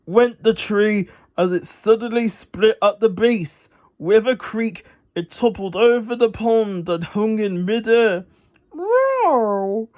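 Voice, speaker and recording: Guy reading a kids' book out loud, slow and easy, trips on words sometimes. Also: sits high. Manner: unhurried, occasional stumbles. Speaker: storybook reader. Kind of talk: reading a children's book aloud.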